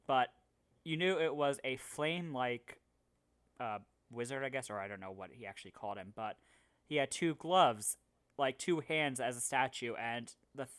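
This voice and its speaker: A man in casual chat, telling rambling tabletop game stories over a video call. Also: medium pitch. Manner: rambling storyteller, animated and loose. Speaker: podcast co-host.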